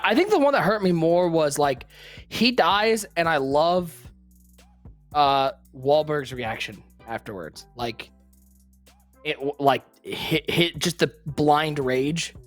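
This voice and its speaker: Speaking at a medium pitch, a co-host chats casually on a live stream, rambling in an animated way. The talk swings between excited outbursts and quiet asides.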